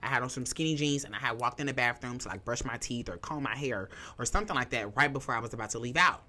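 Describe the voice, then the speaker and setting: Bright-voiced young podcast host, emphatic and profane. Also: medium pitch, fast talker. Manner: emphatic and profane, full of fillers; emotional, holding back tears. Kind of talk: candid personal storytelling.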